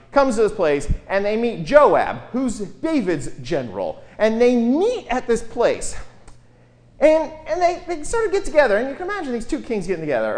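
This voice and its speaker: With a high-pitched voice, a man gives a Bible lecture in an informal, wry style, telling the story in a lively way and quoting what the characters say.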